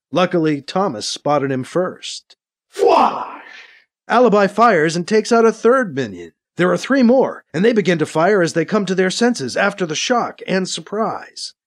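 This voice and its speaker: A man narrating an action scene in an audiobook, voicing the sound effects himself. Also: a little high. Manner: animated, with voiced sound effects.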